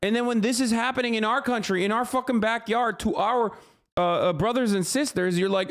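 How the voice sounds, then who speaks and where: A man's voice: very high-pitched, steady tone, brisk, a bit bright. A man livestreaming, reacting to a news story with heated, profanity-laden ranting and scolding his chat. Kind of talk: live stream reaction commentary.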